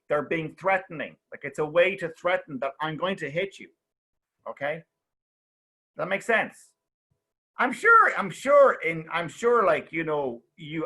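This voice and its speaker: A young man runs a relaxed online English lesson, talking in a bright, slightly high voice. He explains with example after example and keeps checking in with his students. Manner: chatty, explains with many examples and checks "okay?". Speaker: English teacher. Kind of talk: casual online class.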